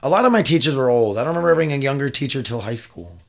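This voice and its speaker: Brief: thirties male podcast host, loose rambling delivery, mid-pitched, casual home-mic sound. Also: expressive, very fast, vocal fry. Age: 30s. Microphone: desk mic.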